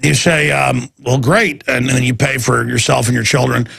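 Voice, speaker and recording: Gravelly Texan man ranting on talk radio. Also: medium pitch, fairly even intonation, normal speed, a bit bright. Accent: Texas. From Texas. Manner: ranting, mocking impressions. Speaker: radio show host.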